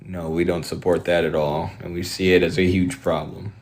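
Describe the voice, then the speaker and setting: A man streaming and answering viewer questions in a quick, offhand, opinionated way. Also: low voice, little pitch movement, darkish tone.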